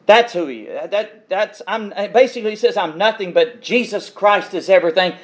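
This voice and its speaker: A man's voice: high voice, moderate pace. A man preaching an expository sermon, reading scripture verses aloud and then explaining them with emphatic repetition.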